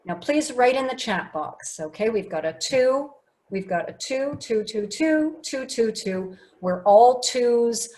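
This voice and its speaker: Woman speaking coach, online workshop, slow deliberate delivery, lively and coaxing. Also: fairly high pitch. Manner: lively, coaxing and emphatic, reads chat replies aloud. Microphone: video call.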